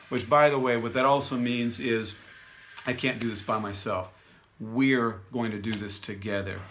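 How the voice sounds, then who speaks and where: A man talking straight to his followers in an energetic, enthusiastic way, a little out of breath. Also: mid-range voice. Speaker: vlogger addressing followers. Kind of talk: casual direct-to-camera announcement.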